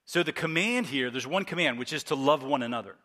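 A man's voice: mid-range voice, expressive, quick pace, bright, forceful tone. A male pastor preaching an earnest, emphatic sermon, repeating his key points.

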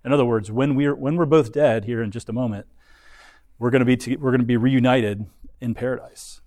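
A man gives a Bible lesson at a middle pitch, explaining step by step and often restarting his phrases. The sound is dry and close, with no room echo. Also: fairly even intonation, fairly quick, a little mellow. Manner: explanatory, frequent restarts and fillers. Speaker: Bible teacher.

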